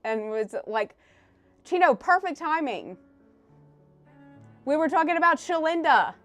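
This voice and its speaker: High, animated woman streamer. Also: a little slow, faint music behind. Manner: animated storyteller, voice swings loud and soft. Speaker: game streamer. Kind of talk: casual live-stream chat.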